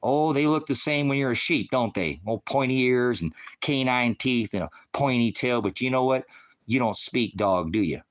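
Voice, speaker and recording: A man's voice: medium pitch, lively intonation, normal speed. A middle-aged man ranting on a livestream, heated, profane and confrontational, lecturing his viewers and the chat directly. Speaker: livestream host. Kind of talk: livestream rant.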